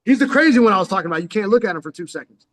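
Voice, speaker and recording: A man's voice: high-pitched, racing. A man in his forties from San Diego, telling stories in casual chat, full of street slang and acted-out quotes. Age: 40s. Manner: street slang, keeps saying "dog", animated retelling with acted-out quotes. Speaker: storyteller.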